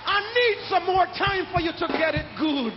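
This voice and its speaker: A man preaching a sermon as pastor, calling out to the congregation and building to shouts. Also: extremely high pitch, normal speed, over music. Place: church sanctuary. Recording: echoey church hall, dull sound.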